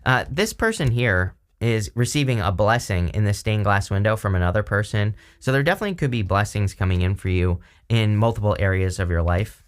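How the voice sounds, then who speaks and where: A man's voice: on the low side, lively intonation, fairly quick. A man giving a casual tarot reading, talking loosely with many fillers and restarts. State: throat irritated by allergies. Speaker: tarot reader.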